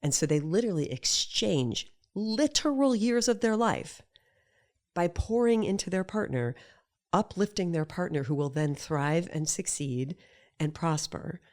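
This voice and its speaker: A middle-aged woman, a guest in a casual conversation, talking in an animated way and acting out quoted voices as she tells her stories. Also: lowish voice, a little slow. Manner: animated storyteller who acts out quoted voices.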